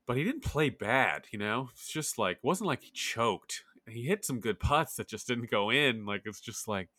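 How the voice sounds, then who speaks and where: A man's voice: mid-range voice, lively intonation, normal speed, sharp tone, dry recording. A man chatting casually about golf as a podcast co-host, rambling with lots of filler words.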